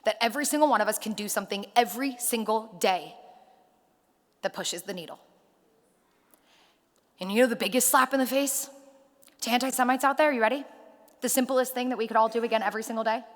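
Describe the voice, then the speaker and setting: A woman giving a rally speech, telling stories and acting out the dialogue with lively energy. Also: fairly high pitch, a little fast, long pauses. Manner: animated storyteller acting out dialogue. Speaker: rally speaker. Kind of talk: public speech with storytelling. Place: synagogue hall at a rally. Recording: reverberant hall.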